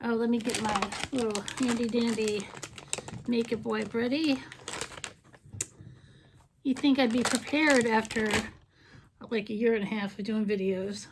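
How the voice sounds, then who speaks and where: A woman's voice: fairly high pitch, steady tone, measured pace, pauses often, background noise. Chatty, playful middle-aged woman vlogger. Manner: chatty and playful, breaks into silly sing-song bits. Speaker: beauty vlogger. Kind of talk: casual makeup vlog.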